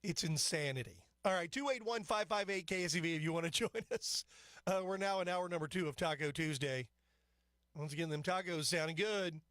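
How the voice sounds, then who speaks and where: A man's voice: a little high, brisk, fairly bright tone, no room sound. A man hosting a talk radio show, delivering a rambling, opinionated monologue full of asides into a studio microphone.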